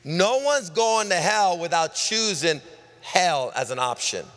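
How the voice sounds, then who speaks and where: A middle-aged man preaching a sermon as pastor, piling up lists and swinging between loud calls and hushed asides. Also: high voice, animated, a little slow. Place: large church hall. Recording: live church sermon with long hall reverb.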